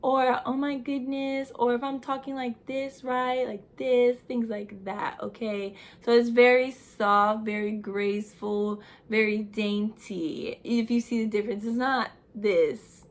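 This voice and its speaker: A woman's voice: a little high, fairly even intonation, unhurried, hardly any pauses. A young woman giving lifestyle advice straight to her viewers, talking in an instructive way and calling them "you guys". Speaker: lifestyle vlogger. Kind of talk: advice vlog talking to camera.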